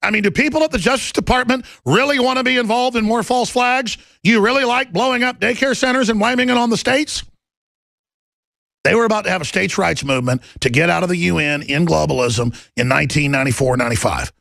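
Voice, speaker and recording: A man hosting a talk show, delivering an impassioned, urgent monologue that bursts into shouting. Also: high-pitched, a little fast, gravelly, no echo.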